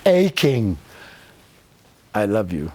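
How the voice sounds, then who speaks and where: Older guy giving a slow spiritual talk, big swoopy intonation, gushing and playful with the group. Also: fairly low pitch. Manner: slow, expressive and effusive, teasing with the group. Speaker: spiritual teacher.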